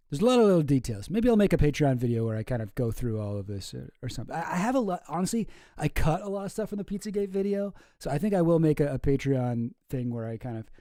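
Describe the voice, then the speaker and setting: A man's voice: medium pitch, warm tone, no echo, studio quality. A man chatting casually on a livestream in a rambling, offhand way that often trails off. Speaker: streamer and video creator.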